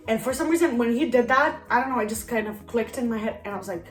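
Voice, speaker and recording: A woman's voice: on the high side, very fast, few pauses. A young woman vlogger telling a casual story time, rambling and full of "like" fillers. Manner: rambling, heavy use of "like" fillers. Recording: roomy echo, faint background music.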